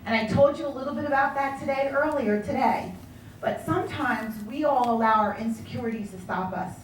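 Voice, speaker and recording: A woman sales director telling her story in a motivational speech, animated and acting out the voices of people she quotes. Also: high voice, fairly quick, slight background noise. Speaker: sales director giving a talk. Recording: echoey room from far off.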